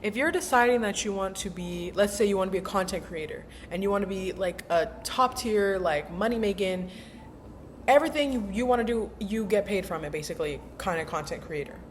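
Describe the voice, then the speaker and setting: A young woman vlogs casually about mindset in a mid-range voice, talking a little fast over a faint hiss or hum. She's a chatty, emphatic self-help vlogger who uses lots of slang and acts out her inner voices in this casual motivational talk.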